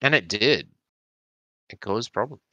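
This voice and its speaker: A man's voice: on the low side, expressive, measured pace, bright, forceful tone, no room sound. A man chatting casually, rambling through a long story with frequent swearing. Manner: rambling, swearing, explaining community drama. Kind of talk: casual chat.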